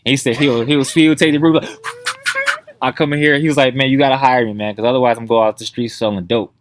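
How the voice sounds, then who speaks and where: A man's voice: mid-range voice, fast, slight background noise. A man co-hosting a podcast in casual chat, telling funny stories and acting out the people in them, swearing freely. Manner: animated storyteller, acts out quotes, swears freely. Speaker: podcast co-host.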